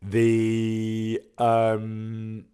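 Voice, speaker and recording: A man's voice: lowish voice, monotone, drawn-out words, mellow, clear, resonant tone. Chatty man streaming. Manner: chatty, laughs often, reads out chat messages. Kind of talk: casual live-stream chat.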